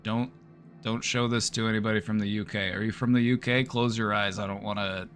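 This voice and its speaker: A man's voice: on the low side, steady tone, a little fast, a bit bright, soft background music. A man streaming live, giving casual joking commentary with wry running reactions. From United States.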